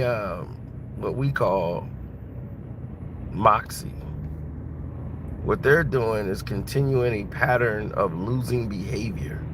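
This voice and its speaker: A man giving blunt, mocking casual commentary while driving. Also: mid-range voice. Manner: blunt, mocking, laughs at his own jokes. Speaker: vlogger. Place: inside a car, driving. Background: faint car and road noise.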